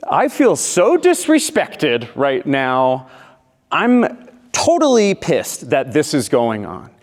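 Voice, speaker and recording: An irritated young woman, as a man acts her out, draws out every complaint slowly and with weight. The voice echoes with the long reverb of a large hall. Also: mid-range voice, expressive, a little mellow. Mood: frustrated. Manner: slow, emphatic, complaining.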